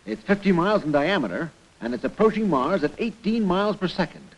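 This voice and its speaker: An actor voicing a gruff, commanding male colonel who heads a space organization in a 1960s cartoon, giving brusque orders. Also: high-pitched, animated, a little fast, full character voice, rough recording.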